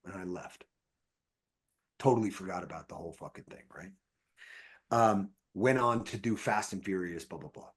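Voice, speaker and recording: Husky-voiced man telling rambling stories. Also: low voice, normal speed, long pauses. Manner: profane, rambling, animated anecdotes. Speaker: podcast guest, actor. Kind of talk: casual storytelling chat.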